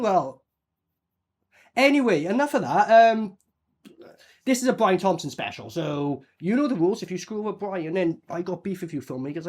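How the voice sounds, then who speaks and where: A man doing a casual movie reaction, excitable and swearing freely as he comments. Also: high voice. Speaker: movie reviewer.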